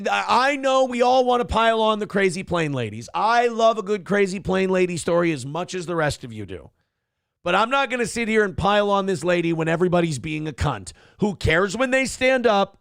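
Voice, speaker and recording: A man's voice: high voice, vocal fry, no room sound, studio quality. A man hosting a morning show, ranting sarcastically and swearing heavily as he comments on a viral video.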